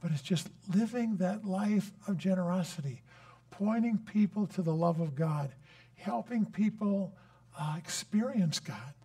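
A guest preacher with a fairly high male voice delivers an earnest sermon in a church. He tells stories warmly and with conviction, then rises into fervent prayer. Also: lively intonation, a little slow.

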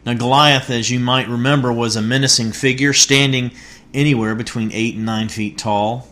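Man, pastor, online sermon, soft-spoken, measured delivery, average pitch. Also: fairly even intonation. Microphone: online worship recording.

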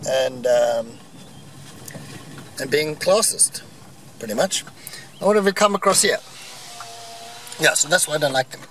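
A man rambles opinionatedly with wry asides while riding through a game reserve. His voice is bright and somewhat high, and his pace is slow. He is picked up from a distance, with faint outdoor noise. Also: animated. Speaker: vlogger on safari. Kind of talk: casual commentary.

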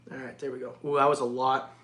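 A man hosting a casual reptile livestream, jokey and excitable, often breaking into laughs. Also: medium pitch, fast talker. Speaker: reptile channel host. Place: home reptile room. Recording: echoey room.

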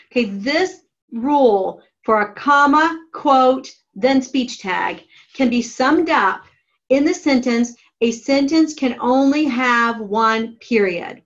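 A woman writing teacher giving a classroom grammar lesson, dictating each step slowly and deliberately. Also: fairly high pitch, animated, dull audio. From United States. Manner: slow, deliberate dictation of steps.

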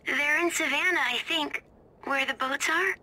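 A woman's voice: high voice, unhurried, exaggerated voice. Timid little girl Clementine. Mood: scared. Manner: quiet, timid. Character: scared little girl hiding alone.

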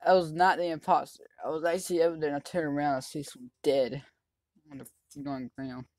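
Excitable let's-play host, chatty commentary with sudden yelling, mid pitch, dry close mic. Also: quick pace, dry recording. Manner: excitable, yells at other players; chatty running commentary on the game. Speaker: gaming channel host.

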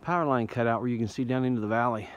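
Out in the winter woods, a man with an Indiana accent, a bushcraft vlogger, talks casually to the phone camera in his hand. Slightly winded from the uphill hike, he rambles in a relaxed, folksy manner at a racing pace in a medium-pitched voice. The recording quality is low.

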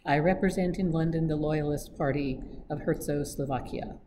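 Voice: medium pitch, steady tone, normal speed, background noise, close to an everyday voice. A reader voicing a pompous older foreign baron in an audiobook reading, speaking stiffly and formally with oddly scrambled word order. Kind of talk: read-aloud audiobook acting.

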